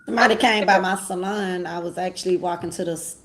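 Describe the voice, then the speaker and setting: A woman's voice: fairly low pitch, fairly even intonation, quick pace, a little hiss or hum. A woman who owns a salon, chatting casually and relaying what others told her in quoted asides. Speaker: salon owner, guest. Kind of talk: casual chat.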